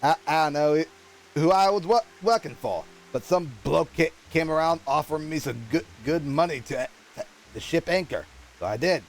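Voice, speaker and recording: A man voicing a gruff, hard-drinking male gunsmith instructor in a put-on rough British accent, reading game dialogue aloud and stumbling over words. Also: a little high, moderate pace, a little hiss or hum, close to an everyday voice, low-quality recording. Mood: grumbling. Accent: put-on rough British-style.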